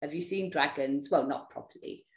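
A woman storyteller reading a picture book aloud to young children, expressive and engaging. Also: low-pitched, moderate pace, echoey room. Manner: expressive, talks to young listeners. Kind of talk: animated read-aloud for children.

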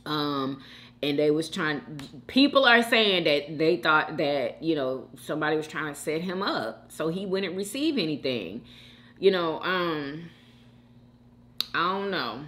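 A woman's voice: sits low, unhurried. A woman hosting a mukbang, chatting casually and animatedly with viewers and reading their comments. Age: adult mother. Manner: chatty, animated, often calls listeners "girl" and "y'all".

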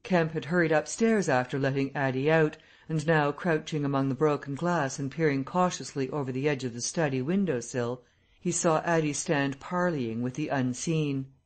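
A man reading a classic novel aloud as an audiobook narrator, in a steady, measured way. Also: a little high. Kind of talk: scripted narration.

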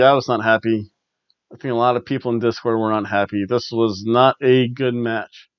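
A man's voice: medium pitch, smooth, no echo. Wry man rambling through a wrestling recap. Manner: rambling and wry, with frequent chuckles. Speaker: podcast host. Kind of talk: casual wrestling review chat. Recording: dull lo-fi dry recording.

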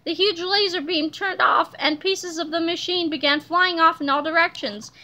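A woman reading a children's book aloud in an animated, playful way. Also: extremely high pitch, moderate pace. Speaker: reader.

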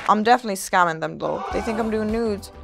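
A woman's voice: medium pitch, fast, gravelly, music in the background. A woman with an Irish accent, a streamer being interviewed, teasing and blunt in casual chat. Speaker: streamer guest.

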